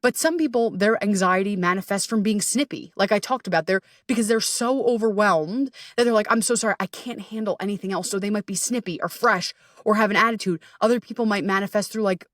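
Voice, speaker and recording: A woman's voice: mid-range voice, a little fast, dry recording, studio quality, far from the mic. A woman hosting a podcast as a coach, talking candidly and self-deprecatingly, swearing freely and laughing often.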